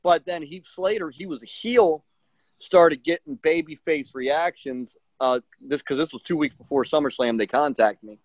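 A middle-aged pro wrestler with a fairly high-pitched voice talks at a normal pace, spinning a story in a casual interview. He's animated, acting out other people's lines and using plenty of fillers. The recording is dry and sounds dull and lo-fi.

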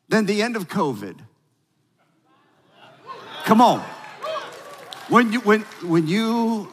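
Emphatic high-voiced male preacher. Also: long reverb tail. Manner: energetic, emphatic preaching with call-and-response. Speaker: pastor. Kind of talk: sermon.

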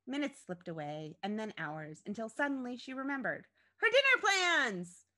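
A woman narrating an interactive story in a playful, expressive way. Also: medium pitch.

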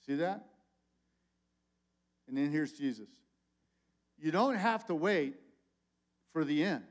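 An older man delivers a sermon in a loose, conversational style. He swings from loud, emphatic calls to soft, low asides, and his voice sits a little high for a man. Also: slow. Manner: animated, conversational preaching with big swings in volume. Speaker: conference speaker.

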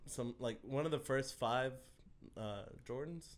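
A man's voice: medium pitch, unhurried. A man co-hosting a podcast, talking in casual crude banter, laughing often and restarting his sentences. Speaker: podcast co-host.

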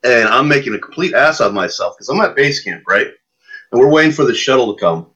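A podcast guest with a mid-range, slightly rough voice tells a long, casual anecdote fairly quickly. An animated storyteller, he acts out the lines of the people in his story, including his own, over muffled lo-fi audio.

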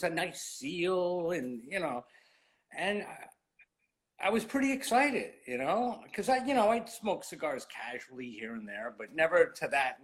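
A chatty man in his fifties, a cigar industry veteran appearing as a guest, tells stories in a casual interview. His voice sits high, and he rambles through animated anecdotes full of "you know."

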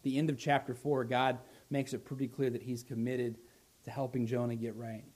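A male pastor preaching a sermon, building to loud emphatic lines, then dropping soft and slow. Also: medium pitch, little pitch movement.

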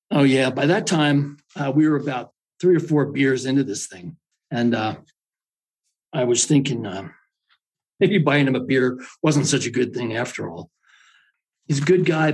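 A man telling a comic anecdote in a wry, teasing, lively way. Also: mid-range voice, slightly rough, poor audio. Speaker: storyteller.

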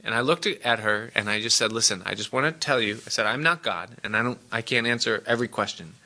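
A man's voice: medium pitch, fast, pushed and bright. A man preaching a sermon as pastor, emphatic and asking his congregation direct questions.

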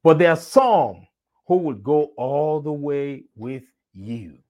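A man's voice: a little high, expressive, slow pace, warm tone. A man giving a motivational talk, telling a fable and repeating key phrases for emphasis. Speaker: motivational speaker.

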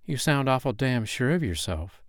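A man voicing a feisty, sharp-tongued woman biker who curses freely. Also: medium pitch, very animated, dry recording, clean studio sound, voice pushed up, natural voice. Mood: angry. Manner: brash and quick to curse.

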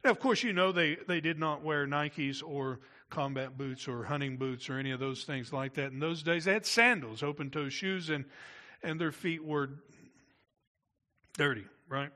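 A man's voice: fairly high pitch, normal speed, pushed and bright. A middle-aged man, a pastor, preaching a sermon in a conversational way with asides to the congregation.

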